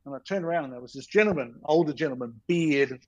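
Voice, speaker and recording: A man's voice: on the high side, fast, no echo, highs cut off. A man, a storyboard artist telling stories on a podcast in a rambling, self-deprecating way. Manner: rambling, self-deprecating, many ums and you-knows.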